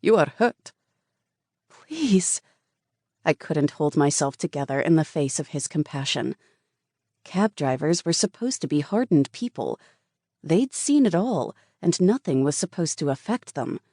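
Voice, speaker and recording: A woman's voice: low voice, moderate pace, mellow, no echo, clean studio sound. A woman narrating a first-person romance audiobook in an earnest, intimate way.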